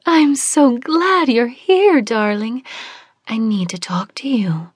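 A woman voicing a dreamy, eccentric middle-aged mother who sees visions, speaking in a breathy, airy whisper. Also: high-pitched, very animated, takes it slowly, dry recording, studio quality, pitched above the performer's own voice, exaggerated voice.

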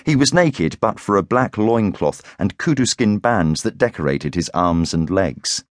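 A man narrating an audiobook thriller in a measured, grave storytelling manner. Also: sits low, expressive, no echo, clean studio sound. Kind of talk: scripted narration.

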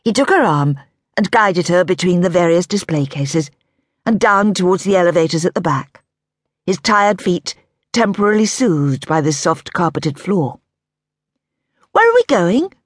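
A woman reading a novel aloud on a close studio mic, her voice slightly low-pitched and a touch husky. She tells the story in a measured, expressive way, and the booth sounds dry and close. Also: no room sound. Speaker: audiobook narrator. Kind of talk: scripted audiobook narration.

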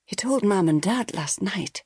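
A woman voicing an anxious, earnest young farm daughter, lifted well above her own pitch. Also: lively intonation, unhurried, darkish tone, husky, no room sound, studio quality.

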